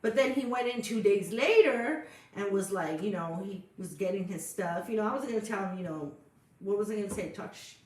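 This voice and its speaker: Animated woman, distant and echoey. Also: medium pitch, a little fast. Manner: animated storytelling, frequent "you know". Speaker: podcast co-host. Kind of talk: casual chat. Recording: echoey room, far from the mic.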